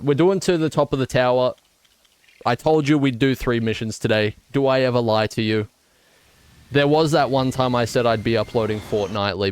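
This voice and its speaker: This gaming streamer, a man with an Australian accent, has a smooth mid-range voice. He chats loosely while playing, rambling and joking in mock outrage.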